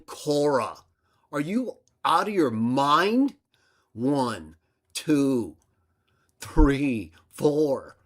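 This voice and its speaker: A man hosting a livestream, delivering an aggressive rant that swings between loud outbursts and low muttering. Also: expressive, extremely slow. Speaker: livestream host.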